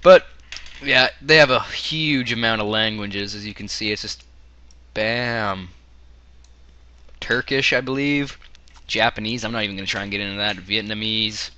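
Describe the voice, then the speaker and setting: A Canadian man with a hoarse voice, half losing it, rambling through casual game commentary with joking asides. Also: on the low side, normal speed, pushed and bright. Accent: Canadian English. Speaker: gaming video creator.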